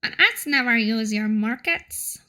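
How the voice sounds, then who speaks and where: A woman's voice: on the high side, expressive, measured pace. A woman barking as rude goblin generals. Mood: gruff. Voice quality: loud, barking, broken grammar. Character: grumpy male goblin generals, rude and curt.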